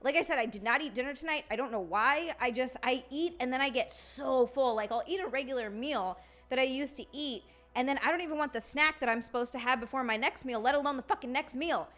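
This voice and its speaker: A woman's voice: high-pitched, fast talker, a bit bright, soft background music. Chatty, foul-mouthed young woman streamer. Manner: chatty, swears freely, reads out viewer names. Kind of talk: casual live-stream chat.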